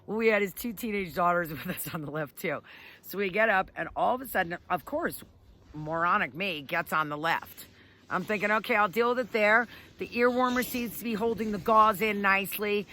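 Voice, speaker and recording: A woman ski instructor telling a story outdoors on a ski slope, animated and laughing often. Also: medium pitch, moderate pace. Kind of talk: casual storytelling.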